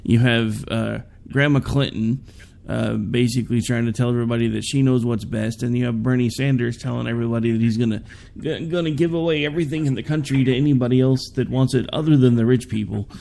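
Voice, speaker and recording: A man's voice: mid-range voice, fairly even intonation, fast talker, gravelly, warm tone. A man hosting a political talk show, chatting casually and giving opinionated takes with sarcastic asides. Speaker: podcast host.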